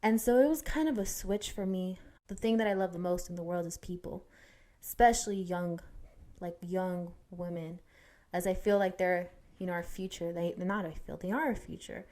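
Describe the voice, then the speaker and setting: A woman's voice: fairly low pitch, steady tone, normal speed, warm tone. A young woman co-hosting a podcast, telling a personal story in a candid, casual way with fillers and restarts. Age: young adult. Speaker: podcast co-host. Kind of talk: casual chat.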